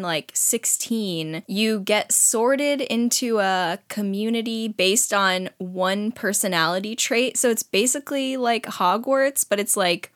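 A woman hosting a casual chat with friends, laughing often and teasing. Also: medium pitch.

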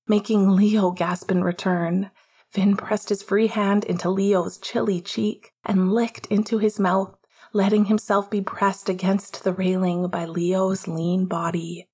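Woman whispering slow story narration. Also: mid-range voice, a little mellow, breathy edge. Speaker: audiobook reader.

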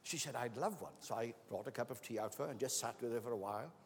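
A man's voice: mid-range voice, fast, a little hiss or hum. Man preaching in an echoing hall. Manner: anecdotal, acts out quoted voices. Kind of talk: sermon with storytelling. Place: church hall. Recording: long reverb of a large hall.

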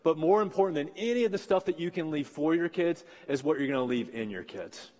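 A pastor in his forties preaches to his congregation, his fairly high voice carrying through a large, reverberant sanctuary. He talks earnestly and encouragingly, repeating his main lines for emphasis. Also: lively intonation, brisk, darkish tone. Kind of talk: sermon. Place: church sanctuary.

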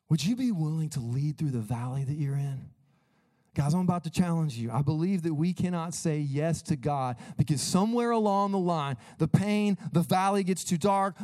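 A man's voice: on the high side, warm tone. Earnest, casual-talking male pastor. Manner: casual, earnest, conversational preaching. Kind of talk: sermon.

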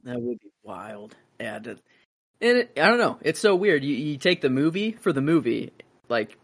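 A man's voice: medium pitch, sing-song, normal speed. A young man co-hosting a casual film podcast, laid-back and hesitant, swearing and mimicking characters. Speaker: podcast co-host.

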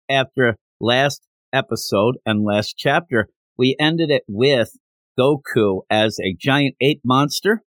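A man's voice: medium pitch, a bit bright, no room sound. A man hosting a podcast in a casual solo recap, chatty and digressive, laughing as he goes and acting out quotes. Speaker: podcast host.

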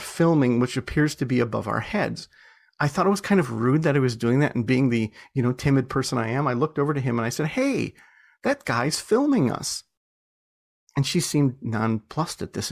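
Chatty gravelly-voiced man telling stories. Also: medium pitch. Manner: chatty, self-deprecating, laughs often, many restarts. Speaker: author and entrepreneur guest. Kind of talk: casual storytelling interview.

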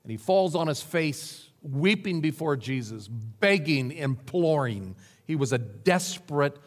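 A man preaching a sermon with dramatic emphasis, lists and repetition. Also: fairly high pitch. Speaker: pastor. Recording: long hall reverb.

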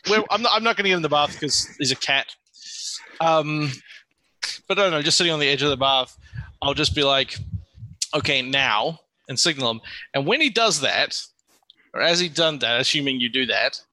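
A man playing a tabletop game, planning out loud, hesitant and full of restarts. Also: fairly high pitch, expressive, normal speed, long pauses, dry recording, low-quality recording. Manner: hesitant, restarting and thinking aloud. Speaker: player. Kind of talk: casual tabletop game chat.

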